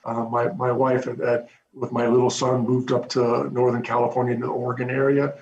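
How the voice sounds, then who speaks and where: A man recounts his time as a corrections officer at a fast clip, stumbling into restarts as he goes. His voice comes through a video call with a roomy echo, and the sound is dull and low-fi. A faint hum runs underneath. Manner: fast, animated retelling with hesitant restarts. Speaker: former prison corrections officer. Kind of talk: storytelling in an interview.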